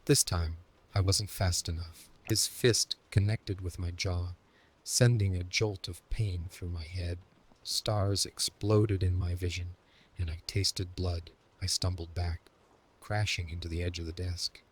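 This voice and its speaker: Deep, husky male horror narrator. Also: steady tone, measured pace. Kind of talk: scripted horror story narration.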